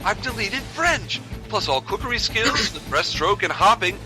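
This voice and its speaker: A man's voice: high-pitched, animated, music in the background, pitched above the performer's own voice. A man with an American accent reading the part of a freshly regenerated Doctor in a podcast read-through, fussy and puzzled. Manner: read aloud from a script, quick and quizzical.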